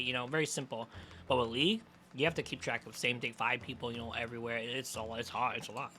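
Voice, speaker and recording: A man's voice: medium pitch, fast talker, sharp tone, soft background music. A man streaming and chatting casually about games, rambling and swearing freely.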